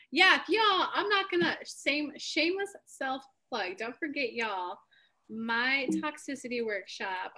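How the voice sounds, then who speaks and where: High-voiced bubbly woman hosting live. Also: background noise. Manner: bubbly, candid storytelling. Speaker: host of a live reading stream. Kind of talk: casual live-stream chat.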